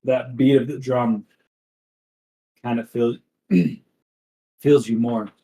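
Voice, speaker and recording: Slow, deliberate male game master. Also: mid-range voice, steady tone, dark tone, poor audio. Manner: slow, deliberate scene-setting. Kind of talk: narrating a tabletop game.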